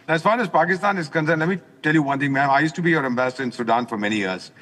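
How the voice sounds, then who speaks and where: An older man, a former diplomat, calling in to a news broadcast while driving, speaking in a forceful, indignant, lecturing manner. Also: fairly high pitch, very fast, long reverb tail. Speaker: former ambassador, guest commentator. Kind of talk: phone-in commentary while driving. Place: in a car.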